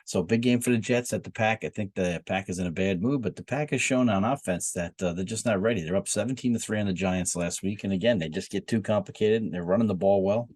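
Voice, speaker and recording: A man's voice: lowish voice, fast talker, hardly any pauses, darkish tone, dry recording. A man giving blunt, profane football opinions in a rambling rant, full of filler uhs. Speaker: football commentator. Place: Miami.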